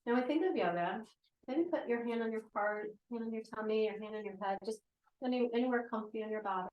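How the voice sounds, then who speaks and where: A woman's voice: on the high side, fast talker, dull audio. A woman in her forties teaching yoga and meditation in a casual live lecture, chatty and full of "right?" asides. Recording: roomy echo.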